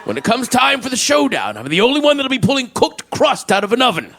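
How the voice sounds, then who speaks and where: A man doing an impression of an intense, menacing old-time oilman, making slow, theatrical pronouncements. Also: very high-pitched, very animated, gravelly, a bit bright, slight background noise, voice pushed up, full character voice. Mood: grandiose.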